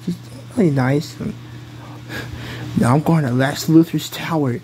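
A man's voice: fairly high pitch, darkish tone, breathy edge, poor audio. A man casually telling a made-up hero story, giggling and rambling, often breaking off mid-sentence.

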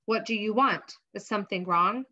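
A woman reading aloud as a calm, guarded father in a storybook, on a dull lo-fi recording. She keeps the lines steady and plain. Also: medium pitch, normal speed.

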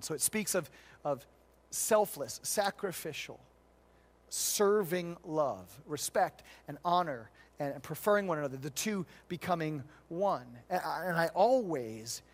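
A middle-aged male pastor delivers a sermon in a storytelling way. His voice sits a little high for a man. He moves between loud, emphatic points and hushed, gentle moments. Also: animated, a little slow. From United States.

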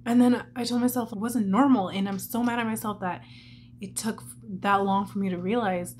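A woman's voice: medium pitch, fairly even intonation, moderate pace, darkish tone. A young woman talks her way through a makeup routine in a casual home vlog, candid and chatty, scattering "like" through her sentences. Her voice sits in an ordinary middle register. A faint hum runs under the recording. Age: young adult. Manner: candid and chatty, many "like" fillers. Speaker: vlogger.

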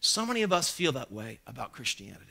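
A man preaching a sermon in a church, animated and joking at his own expense, often restarting his sentences. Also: medium pitch, fast, creaky. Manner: animated preaching with humorous asides and self-deprecating stories; frequent stammered restarts. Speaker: pastor. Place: church sanctuary.

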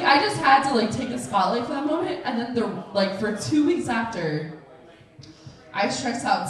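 A woman in her twenties telling a true personal story on stage, animated and laughing, acting out the voices of the people in it. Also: on the high side. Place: event room, audience. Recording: very echoey room, voice from a distance.

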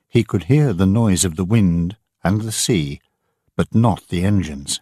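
A man narrating an audiobook for English learners, slow and clearly enunciated. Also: sits low, warm tone, no room sound, clean studio sound.

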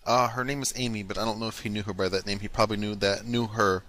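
A man calls on the phone and answers politely and calmly. His voice is low yet bright, with a faint hiss of noise behind it. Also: quick pace. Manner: polite and calm, repeating "yes, ma'am". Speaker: prank caller. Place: on a phone call.

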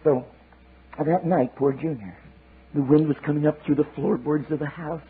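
A man preaching a sermon, telling a story in a folksy, animated way with chatty asides. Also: a little high, moderate pace, breathy edge. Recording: tinny lo-fi sermon tape with hiss.

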